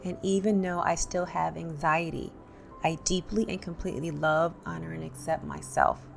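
A woman leading a guided tapping session, calmly calling out tapping points and repeating affirmations for listeners to echo. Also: sits low, normal speed, vocal fry, soft background music. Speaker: tapping instructor.

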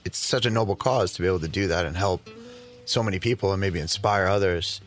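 A man's voice: low-pitched, fast, soft background music. A man hosting a casual interview, asking questions and affirming his guest in an engaged way. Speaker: host.

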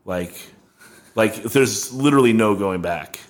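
Man, low voice, young, rambling casual storytelling, lots of "like" and swearing. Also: measured pace. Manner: rambling, heavy on "like", swearing, laughing. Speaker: band member telling a tour story.

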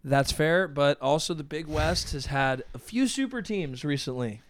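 A man in casual chat, agreeable and quick to affirm the others. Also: a little high, lively intonation, a little hiss or hum.

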